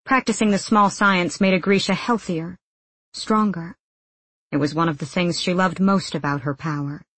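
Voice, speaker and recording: A woman narrates a novel in a steady, measured way. Her voice is low with a husky texture. The recording is close and dry. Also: no room sound. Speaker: audiobook narrator. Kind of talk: scripted narration.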